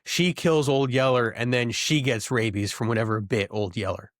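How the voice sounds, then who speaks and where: A young man co-hosting a comedy podcast in loose, joking banter. He rants animatedly and his voice leaps higher as he gets worked up. The sound is dry and close, with no room echo at all. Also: normal speed. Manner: animated, jokey, rants with rising pitch. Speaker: podcast co-host. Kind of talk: casual banter.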